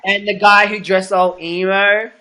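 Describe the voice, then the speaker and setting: A man's voice: high voice, flat delivery, measured pace, very noisy. A young adult man hosting a casual livestream chat, gossipy and giggly with a camp manner. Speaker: host.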